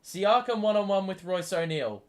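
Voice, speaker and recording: A man's voice: high-pitched, moderate pace. A man hosting a live basketball watchalong stream, giving play-by-play and swearing freely as he argues with the players. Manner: excitable, swears often, talks back at the players. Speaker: host. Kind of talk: live sports watchalong commentary.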